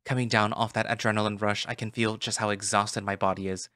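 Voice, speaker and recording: A man's voice: fairly low pitch, little pitch movement, quick pace, no room sound, studio quality. A man reading a visual novel aloud, narrating an irritated first-person inner monologue. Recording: voice over loud background music.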